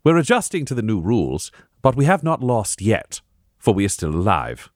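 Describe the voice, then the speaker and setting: A man voicing a composed, calculating male noble from off-world in a tabletop role-play game, speaking in a measured, formal way. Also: fairly low pitch, big pitch swings, no echo, clean studio sound. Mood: resolute.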